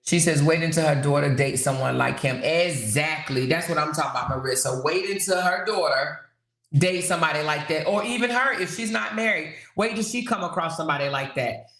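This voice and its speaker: A woman's voice: low voice, brisk, a bit bright. Woman host of a casual live chat; talkative, reads out viewer comments, roomy sound. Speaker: livestream host.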